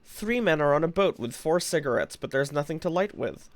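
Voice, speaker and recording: A man's voice: fairly high pitch, lively intonation, a little fast, no room sound. A young man streaming live, chatting playfully with his viewers and laughing often. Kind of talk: casual live-stream chat.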